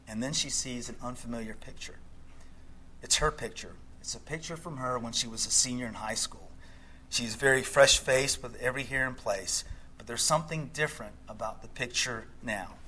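A middle-aged male pastor delivering a sermon, telling a story, then speaking by turns softly and with emphasis. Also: medium pitch, low-quality recording. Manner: storytelling, shifts between hushed and emphatic.

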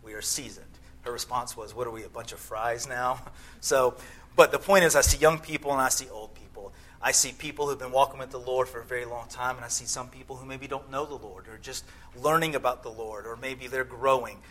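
A middle-aged male pastor delivering a sermon, telling a story, then speaking by turns softly and with emphasis. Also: medium pitch, fairly even intonation, brisk, slight background noise, poor audio. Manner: storytelling, shifts between hushed and emphatic.

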